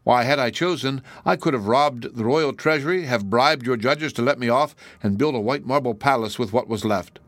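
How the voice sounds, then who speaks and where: Read by a man, a humble young thief pleads his case earnestly and cleverly. The voice is dry and close. It sits at an ordinary middle pitch. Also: normal speed, few pauses, a bit bright, no room sound, close to an everyday voice. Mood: pleading.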